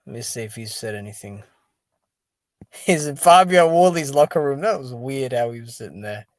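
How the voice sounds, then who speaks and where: A tired, sleepy man chatting casually on a live stream, reacting out loud and reading viewer comments. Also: mid-range voice, expressive, moderate pace, no echo. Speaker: boxing stream host.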